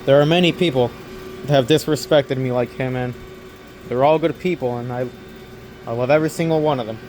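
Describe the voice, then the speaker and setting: A man's voice: mid-range voice, a little fast, a little mellow, slight background noise. A young man working an overnight store shift, talking casually to camera in a rambling, earnest way that repeats itself. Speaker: overnight convenience store clerk.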